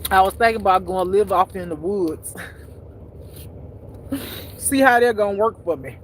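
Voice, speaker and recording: A woman's voice: mid-range voice, normal speed, slight background noise, poor audio. A woman chatting loosely and profanely to her viewers, laughing often at her own jokes. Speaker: spiritual teacher streaming live. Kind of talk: casual unscripted chat.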